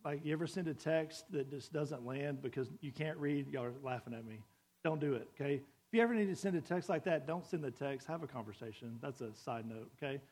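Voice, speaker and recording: A man's voice: medium pitch, brisk, a little mellow. A man preaching a sermon to a congregation in a church, conversational and full of questions to the room. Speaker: pastor.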